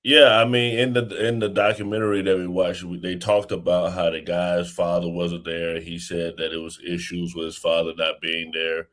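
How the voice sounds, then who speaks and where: A male panelist speaking calmly and with measure in casual talk. His voice is very deep and hardly moves in pitch. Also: moderate pace, hardly any pauses.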